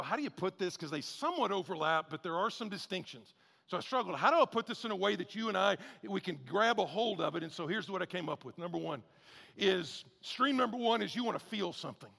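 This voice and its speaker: A male pastor preaching in a conversational, animated way, with shouted emphasis and quick, low asides. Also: gravelly, long reverb tail. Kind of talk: sermon.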